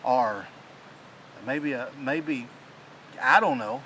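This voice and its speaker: A man, excitedly telling the story of a hunt in a casual chat outdoors in the mountain woods, rambling and restarting his sentences. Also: mid-range voice, measured pace, noisy background. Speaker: hunting channel host.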